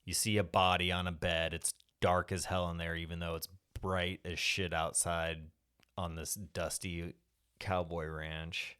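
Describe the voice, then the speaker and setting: Deep smooth-voiced man recapping a film. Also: little pitch movement, a little slow, sharp tone. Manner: rambling retelling with profanity. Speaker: podcast co-host. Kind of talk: casual movie recap chat.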